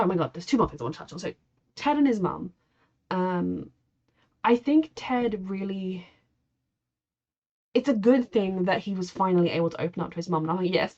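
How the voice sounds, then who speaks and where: A woman's voice: medium pitch, darkish tone, lo-fi sound. A woman giving chatty, opinionated commentary on a TV episode, swearing and using plenty of fillers. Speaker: TV reaction vlogger. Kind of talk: casual TV reaction commentary.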